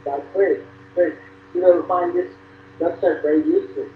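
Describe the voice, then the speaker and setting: Brief: man on the far end of a video call, hesitant, slightly higher voice, faint hiss behind. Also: steady tone. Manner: hesitant, with pauses and restarts. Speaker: foreign conversation partner on a video call. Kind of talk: casual video call chat. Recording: thin phone-like call audio in an echoey room.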